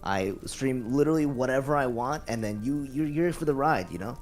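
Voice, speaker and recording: A man's voice: medium pitch, animated, fairly quick, faint music behind. A man streamer introducing himself playfully and joking with mock swagger. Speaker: VTuber streamer, guest. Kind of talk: casual chat.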